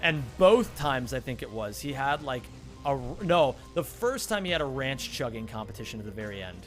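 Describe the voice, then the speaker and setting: Over soft background music, a young gamer speaks fairly quickly in a mid-range voice with big swings in pitch. He's speedrunning and casually chatting, wandering through a funny story with plenty of laughter and offhand swearing.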